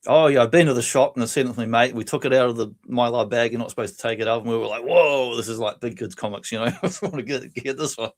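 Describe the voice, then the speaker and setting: A man's voice: mid-range voice, racing, hardly any pauses. A man, co-hosting a casual podcast, retelling comedy scenes with laughs and acted-out quotes. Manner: animated storytelling, laughs often, acts out quotes. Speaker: podcast co-host. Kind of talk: casual chat.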